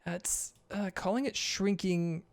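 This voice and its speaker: Guy doing a frazzled lady scientist, rambly and nervous, kinda higher, smooth dry voice. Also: slow, dry recording, exaggerated voice. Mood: flustered. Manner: rambling, flustered, technical. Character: flustered woman scientist, scattered and anxious.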